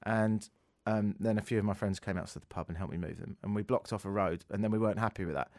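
A man's voice: fairly low pitch, fairly even intonation, fast talker, darkish tone, no room sound, studio quality. A young man in his twenties, co-hosting a casual radio chat, playful and jokey, stumbling over foreign words. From England. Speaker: radio co-host.

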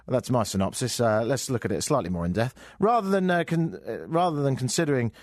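A man's voice: medium pitch, lively intonation, fast, few pauses, no room sound, studio quality. A man with an English accent hosting a talk radio show, riffing on the news in a sarcastic, joking way. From England. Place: radio studio. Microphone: studio microphone.

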